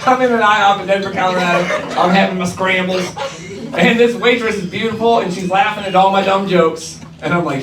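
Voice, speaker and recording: A man's voice: sits high, brisk, noisy background. A man doing a stand-up comedy set in a club, telling brash, swearing stories with quoted voices. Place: comedy club stage before a live audience. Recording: roomy club recording from a distance, crowd laughter.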